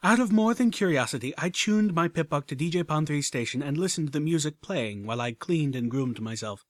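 A man reading a story aloud as an audiobook narrator, measured and even. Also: a little high, no echo, clean studio sound. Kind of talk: scripted narration.

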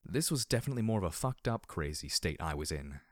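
A man reading a first-person story aloud, measured and wry. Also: deep voice, sing-song, no room sound, clean studio sound. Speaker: audiobook reader.

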